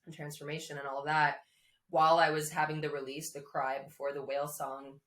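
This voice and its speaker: A woman podcast guest tells a personal story in a chatty way, full of "likes," restarts, and frequent laughs. Her voice is low, level, and brisk, and the room sounds echoey.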